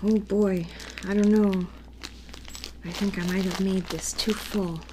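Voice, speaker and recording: A woman voicing a clumsy, well-meaning young female elf in a whispered role-play, talking softly and apologetically into a close microphone. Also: mid-range voice, steady tone, a little slow, background noise, close to an everyday voice. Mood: sheepish. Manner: soft, apologetic, fussing over a teddy.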